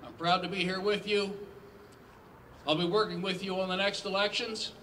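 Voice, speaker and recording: A man's voice: high voice, level tone, normal speed, pushed and bright. A man speaking at a rally for a gun club, earnestly urging supporters to act. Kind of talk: rally speech. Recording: distant mic with ambient noise.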